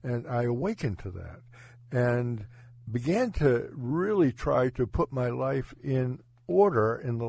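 A man who is a pastor, telling his faith story in an earnest, halting way with frequent restarts. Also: medium pitch, gravelly, a little mellow, no echo. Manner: halting, self-correcting, earnest. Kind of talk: personal testimony in conversation.

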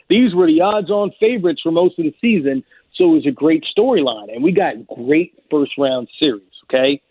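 A man's voice: a little high, animated, a little fast, slightly rough, no room sound. A man arguing basketball takes on a sports talk show, emphatic and confident. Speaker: basketball analyst. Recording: tinny phone-like audio.

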